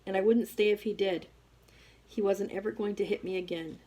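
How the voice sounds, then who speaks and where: A woman reading a first-person novel aloud as an audiobook, with expressive storytelling. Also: mid-range voice, a little fast. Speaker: audiobook reader.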